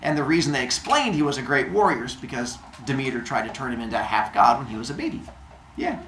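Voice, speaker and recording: Casual, jokey teacher in an echoey classroom. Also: male voice, mid-range voice, sing-song, quick pace, a bit bright, slight background noise. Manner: casual, jokey, modern slang. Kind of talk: storytelling lesson to a class.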